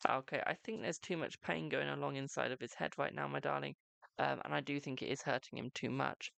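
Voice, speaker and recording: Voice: mid-range voice, fairly even intonation, fairly quick, gravelly, a bit bright, no echo. A live-stream host doing tarot readings in a chatty, reassuring way, calling viewers "my darling" and leaning on "okay" between lines. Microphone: close microphone.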